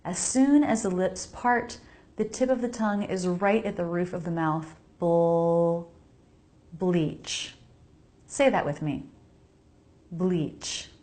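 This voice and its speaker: A woman's voice: fairly low pitch, takes it slowly, darkish tone. An American woman giving an English pronunciation lesson, carefully modeling each sound and repeating words for viewers to say along. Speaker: pronunciation teacher. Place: home laundry area.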